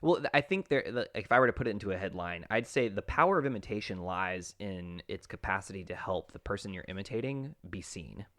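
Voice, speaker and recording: A man's voice: deep voice, fairly quick, few pauses, no echo, clean studio sound. A man co-hosting a casual podcast, telling stories with energy and acting out quoted lines. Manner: animated storyteller, acts out quotes. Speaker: podcast co-host. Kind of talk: casual analytical chat.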